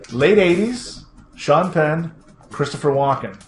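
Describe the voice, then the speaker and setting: Excitable guy rambling and laughing while gaming, roomy echo, faint hiss behind. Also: fairly high pitch, slow pace. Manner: rambling, excitable, laughs often, swears casually. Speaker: co-host of a retro gaming show. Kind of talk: casual banter while playing a game. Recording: echoey room with faint background noise.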